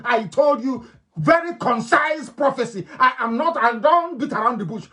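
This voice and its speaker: A man with an Igbo-influenced Nigerian accent, a native Igbo speaker, gives an impassioned radio address to his followers. He is emphatic and repetitive, swinging between loud declarations and low, intense tones. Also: big pitch swings, normal speed. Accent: Nigerian, Igbo-influenced English. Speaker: political leader broadcasting to followers.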